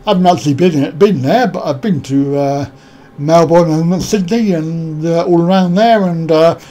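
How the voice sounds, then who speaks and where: High, mellow-voiced man chatting live. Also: normal speed. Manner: rambling and jokey, greeting viewers by name. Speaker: live stream host. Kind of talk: casual live-stream chat reading viewer comments.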